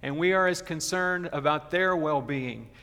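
Gravelly-voiced pastor preaching in a hall. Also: male voice, on the high side, sharp tone. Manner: earnest preaching, slowing down to stress key points. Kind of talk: sermon. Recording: long reverb of a large hall.

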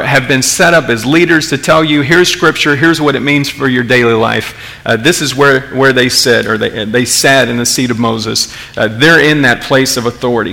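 A man preaching a sermon in a bright, gravelly voice a little higher than most men's. He talks conversationally, piling up rhetorical questions and restarting his sentences. The sound carries a long reverb from a big hall. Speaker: pastor.

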